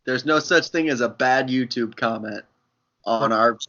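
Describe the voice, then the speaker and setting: A young man co-hosting a casual podcast, talking in a hesitant, halting way full of fillers. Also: medium pitch, bright, forceful tone. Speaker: podcast co-host. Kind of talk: casual chat. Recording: dull lo-fi podcast audio.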